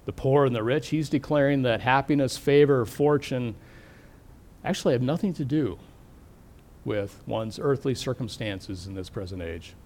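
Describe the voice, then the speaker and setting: A middle-aged man preaching a sermon, thoughtful and questioning, slowing down to stress key words. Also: medium pitch, a little mellow. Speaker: pastor.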